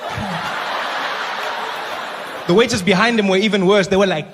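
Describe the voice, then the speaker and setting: A male stand-up comedian tells a story live on a theatre stage into a handheld mic. He talks in a fairly high voice and slips in and out of characters and his own inner monologue. Audience noise sits clearly underneath. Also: steady tone, racing.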